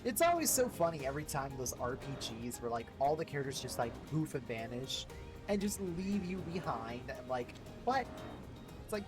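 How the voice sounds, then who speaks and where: Playful streamer man with a fairly high voice. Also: very animated, brisk. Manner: jokey, playful, mock-indignant asides. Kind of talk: casual gameplay commentary. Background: game music.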